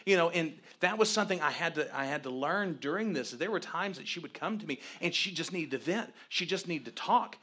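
A man co-hosting, candidly telling a story about his marriage in an animated way. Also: a little high, brisk, few pauses. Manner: animated, grows loud acting out past arguments. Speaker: co-host, husband telling the story.

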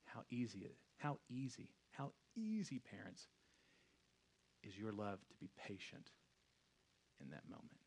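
A man in his thirties, a pastor giving a casual, conversational sermon that swings from hushed reflection to loud storytelling. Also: on the low side, huge pitch swings, unhurried, long pauses, slight background noise.

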